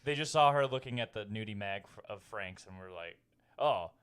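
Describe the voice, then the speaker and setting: A man's voice: lowish voice, brisk, fairly bright tone, a little hiss or hum. A young man co-hosting a podcast in a laid-back casual chat, swearing casually. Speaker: podcast co-host.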